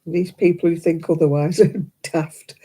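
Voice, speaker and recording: Chatty older Oldham woman, dark-toned. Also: on the low side, breathy edge. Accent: Oldham, Lancashire. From Oldham, England. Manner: chatty, opinionated, laughs often. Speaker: crochet livestream host. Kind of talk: casual chat with live viewers. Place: home, crafting at a table.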